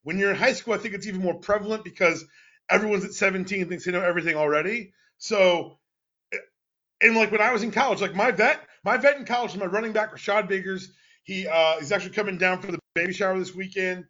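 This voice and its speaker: A man's voice: high voice, fast talker, bright, forceful tone, highs cut off. A man in his thirties hosting a casual sports podcast, playful and mock-indignant as he jokes with his guest. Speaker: podcast host.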